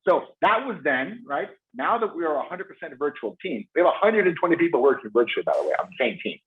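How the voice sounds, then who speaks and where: Fast-talking passionate man on a call. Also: fairly high pitch, sing-song. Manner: rapid, passionate, repeats words and restarts. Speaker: guest expert on phone sales teams. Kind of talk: fast enthusiastic webinar talk. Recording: tinny phone-like call audio.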